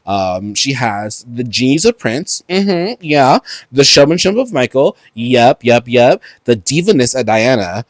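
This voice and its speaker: Brooklyn guy running a solo podcast, cussing a lot, loud and animated, dry close sound. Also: medium pitch, unhurried, no room sound. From Brooklyn, New York. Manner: profane, animated, loud outbursts and laughter. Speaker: podcast host. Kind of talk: solo casual podcast chat.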